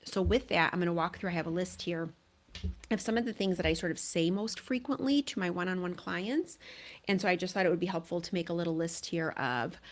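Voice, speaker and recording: A middle-aged woman hosting a parenting podcast, giving earnest, conversational advice and often checking in with "right?". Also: lowish voice. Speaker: parenting coach and podcast host. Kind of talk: solo podcast advice talk.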